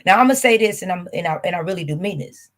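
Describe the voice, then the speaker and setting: A woman's voice: lowish voice, animated, fast. A woman YouTube host with a Southern US accent, ranting bluntly and profanely to her viewers. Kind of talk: casual reaction rant to camera.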